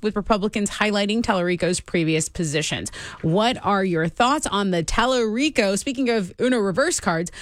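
Woman, radio talk show co-host, mid-pitched voice, casual, reads news and texts, dry close sound. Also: no room sound. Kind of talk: call-in talk radio discussion. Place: radio studio. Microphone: close studio mic.

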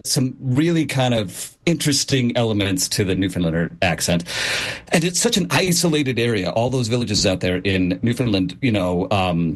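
Man, low voice, dialect coach, radio interview guest, chatty, rambling explanations. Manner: chatty, explanatory, many fillers and restarts.

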